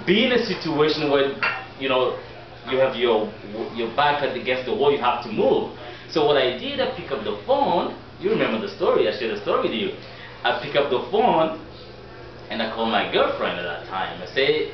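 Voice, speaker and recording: A man, a life coach, telling a personal story in a lively, animated way to an audience. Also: medium pitch, moderate pace, a little hiss or hum. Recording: echoey room, distant dull mic.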